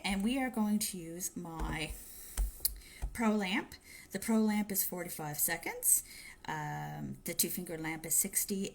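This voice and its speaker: A woman's voice: fairly low pitch, slight background noise. A woman chatting her way through a live-streamed nail polish tutorial on her phone, giving tips with friendly asides. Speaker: nail tech demonstrating polish application.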